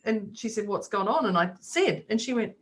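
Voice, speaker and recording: A woman's voice: mid-range voice, expressive, normal speed. Chatty woman co-host telling a story. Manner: chatty storyteller, acts out quoted voices. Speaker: podcast co-host. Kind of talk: casual chat.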